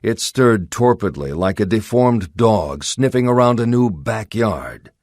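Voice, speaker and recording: A male audiobook narrator reading a pulp adventure in a steady, dramatic way. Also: on the low side, unhurried, dry recording, studio quality.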